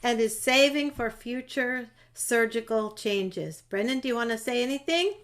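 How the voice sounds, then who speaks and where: A woman's voice: a little high, normal speed, a bit bright. A woman moderating a panel discussion over a video call, chatty and friendly, with fillers and restarts.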